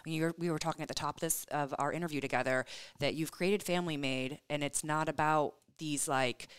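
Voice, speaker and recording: Low-voiced woman host, smooth sound, gets emotional and rambles, dry close mic. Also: fairly even intonation, a little fast, no echo. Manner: emotional, rambling, many fillers. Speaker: podcast host interviewing guests. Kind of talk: conversational interview.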